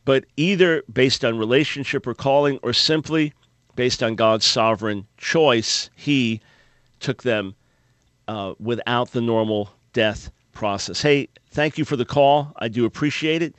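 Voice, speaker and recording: A man's voice: mid-range voice, unhurried, a bit bright, no echo. Upbeat man in his fifties hosting radio. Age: 50s. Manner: earnest, upbeat, repeats words when restarting. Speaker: radio talk show host. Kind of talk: call-in radio talk. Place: dry radio studio. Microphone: studio microphone.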